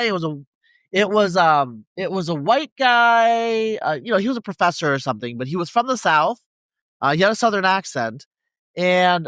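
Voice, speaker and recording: A man's voice: high-pitched, fairly bright tone, no echo. A man hosting a podcast interview, talking in a rambling, casual way with lots of fillers and restarts. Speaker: podcast host. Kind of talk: conversational interview.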